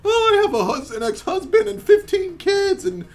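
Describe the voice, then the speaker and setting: A man voicing a chaotic single mother from a dating site in a high, mocking falsetto. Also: sing-song, normal speed, gravelly, exaggerated voice. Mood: whiny.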